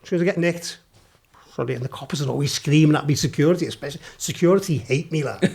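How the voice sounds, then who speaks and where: A man's voice: a little high, fast talker, gravelly, a little mellow. A middle-aged man with a Liverpool accent, swearing and laughing his way through rambling stories as a podcast guest. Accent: Liverpool (Scouse). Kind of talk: casual anecdotal chat.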